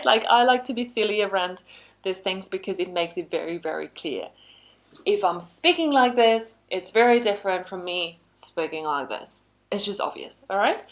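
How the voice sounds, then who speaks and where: Chatty woman trainer, upbeat and conversational. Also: medium pitch. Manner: chatty, frequent "you know" asides, upbeat emphasis. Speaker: workplace skills trainer. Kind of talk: conversational online lesson.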